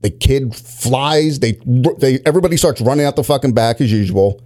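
A man's voice: medium pitch, normal speed. A man, a former police officer, telling profane stories in casual chat. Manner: profane, animated storytelling.

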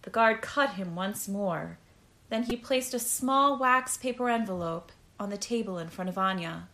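A woman reading a story aloud as narrator, in a measured, even way. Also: medium pitch. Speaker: audiobook narrator. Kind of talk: scripted narration.

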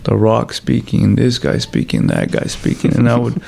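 A professional fighter telling stories in a casual interview, loose and full of swearing, with fillers like "you know" and "like.". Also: male voice, mid-range voice, lively intonation, moderate pace, vocal fry, a little mellow.

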